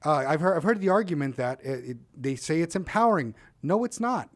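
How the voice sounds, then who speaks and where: A man's voice: a little high, expressive, brisk. Emphatic male panel guest. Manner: emphatic, repeats words when starting. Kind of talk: casual panel chat.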